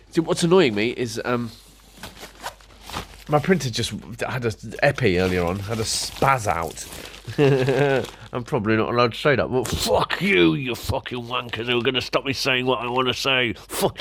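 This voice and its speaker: A man's voice: mid-range voice, fairly bright tone, a little hiss or hum. A middle-aged man ranting casually to camera, grumbling and sarcastic, muttering to himself as he works. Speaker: vlogger.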